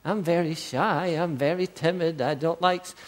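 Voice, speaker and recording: A man preaching voices a shy, nervous churchgoer who makes soft, pleading excuses to his pastor. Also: on the high side, steady tone, moderate pace, close to an everyday voice. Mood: meek.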